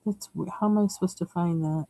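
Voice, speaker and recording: Hosting a coloring livestream, this woman speaks a little fast in a lowish, dark voice with a steady tone. She rambles chattily while picking colors, laughs a lot, and drifts off mid-thought while searching for the right shade. The recording quality is rough.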